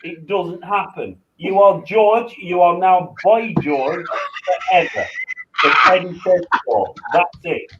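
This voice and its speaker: A man's voice: sits high, slow pace, lo-fi sound, background noise. A man co-hosting a casual stream, taunting and teasing a friend in playful banter. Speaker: stream co-host.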